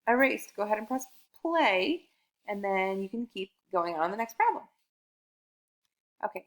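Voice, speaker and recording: Upbeat woman teaching kindergarten math. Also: medium pitch. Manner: upbeat and encouraging, counts aloud slowly, stretches key sentences. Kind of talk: recorded video math lesson for young children.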